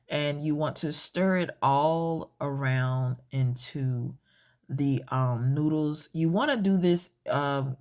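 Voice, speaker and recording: A woman's voice: low voice, darkish tone. A woman giving a casual cooking tutorial in her home kitchen, talking hesitantly with many fillers and correcting herself as she goes. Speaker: home cook.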